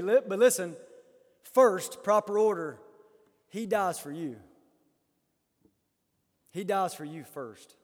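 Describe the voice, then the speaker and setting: High-voiced man preaching in a reverberant hall. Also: lively intonation, slow pace, pauses often. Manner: dramatic, acts out quoted lines, swings from loud to hushed. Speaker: pastor. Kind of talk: sermon.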